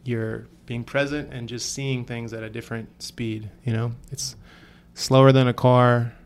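A relaxed man with a gravelly voice talks in a flat, even tone, full of fillers and loose restarts. His casual chat is recorded with a faint noise underneath. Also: mid-range voice, a little slow. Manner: laid-back, rambling, lots of fillers. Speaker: cyclist sharing stories.

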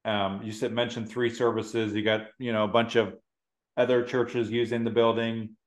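A man's voice: on the low side, little pitch movement, moderate pace. A man hosting an interview, asking easygoing, curious questions. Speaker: interview host. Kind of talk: casual interview. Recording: roomy echo.

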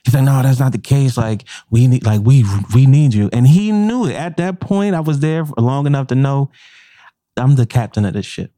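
The recording is clean studio sound without echo, and the man speaks at a moderate pace in a mid-range voice. A chef who co-hosts a podcast, he tells a crude story from work in casual talk, animatedly acting out the quotes.

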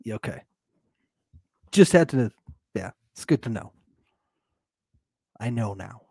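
A man's voice: on the low side, expressive, slow, vocal fry, a little mellow, husky, no echo, studio quality. A man co-hosting a casual podcast chat over a remote call, chatty and laughing often. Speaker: podcast co-host.

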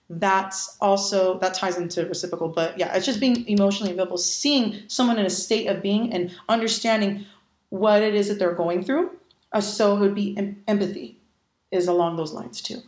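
A woman at a middling pitch, talking candidly and with emphasis in a relaxed podcast chat. She stresses her points and swears bluntly, and the room around her gives the voice a noticeable echo. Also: moderate pace. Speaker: podcast guest. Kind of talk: casual podcast conversation.

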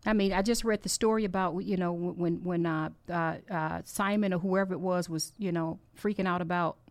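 A woman's voice: lowish voice, steady tone, fairly quick, dry recording. A woman hosting a podcast, giving a heartfelt, encouraging faith talk with personal stories that ramble and restart. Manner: earnest, heartfelt, exhorting. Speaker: podcast host.

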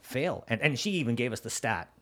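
Brisk and expressive, with a medium pitch and fairly bright tone, this Canadian man in his forties or fifties, a contractor, shares his story as a podcast guest. He's casual and foul-mouthed, imitates the people he quotes, and laughs frequently.

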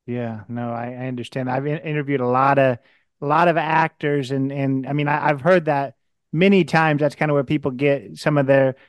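A man's voice: mid-range voice, steady tone, moderate pace, clean tone, dry recording, studio quality. A man hosting a podcast interview, asking earnest questions and often repeating words as he starts. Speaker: podcast host.

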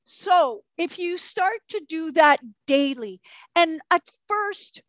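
Animated high-voiced woman guest swearing freely. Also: slow pace, no room sound, muffled recording. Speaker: podcast guest, empath. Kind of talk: casual interview chat.

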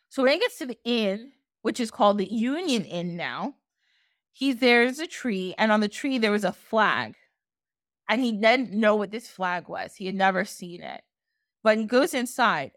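A woman podcast host retelling a folk tale in casual, animated storytelling, laughing often. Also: a little high, moderate pace, no room sound, studio quality.

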